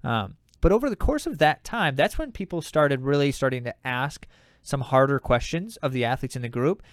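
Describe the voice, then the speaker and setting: A man's voice: medium pitch, very animated, moderate pace, no room sound, studio quality. A man hosting a podcast, giving emphatic, opinionated commentary on the news with many fillers. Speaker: podcast host.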